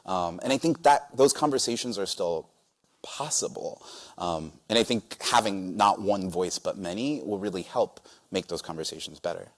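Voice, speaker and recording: A man's voice: sits low, normal speed. A man answering on a conference panel, hesitant, thinking aloud with many ums.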